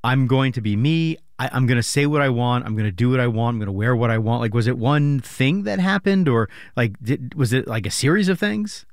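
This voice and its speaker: A man's voice: medium pitch, brisk, hardly any pauses, no room sound, studio quality. A man hosting an interview, asking attentive follow-up questions. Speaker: interviewer host.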